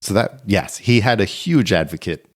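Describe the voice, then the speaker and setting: A man co-hosting a podcast in an easygoing chat. His voice sits a little low, and he rambles his way through anecdotes with many fillers and restarts. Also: expressive, normal speed. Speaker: podcast co-host.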